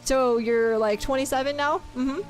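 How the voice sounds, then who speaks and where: A woman's voice: high voice, steady tone, moderate pace, faint music behind. A woman streaming a game, chatting casually and giggling as she reads chat aloud.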